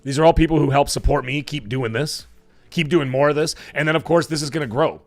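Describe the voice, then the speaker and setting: Hoarse guy chatting on his live stream, voice cracking, rambly, lots of thank-yous. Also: a little high, fast talker, faint music behind. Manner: chatty, rambling with fillers and restarts, effusive thanks. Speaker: livestream show host. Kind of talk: casual live-stream chat.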